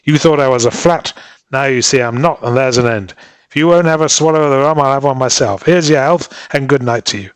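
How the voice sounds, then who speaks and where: A man voicing a rough, boastful drunken sailor who blusters and threatens. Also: mid-range voice, a little fast, dry recording, close to an everyday voice. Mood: drunk defiant.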